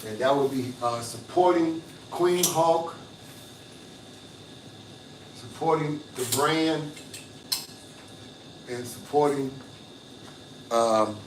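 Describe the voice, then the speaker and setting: A man's voice: mid-range voice, extremely slow, long pauses, recorded from a distance, background noise. An older man hosting a casual livestream, boastful and hustling, with a preachy streak. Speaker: livestream host. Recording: echoey room, off-mic.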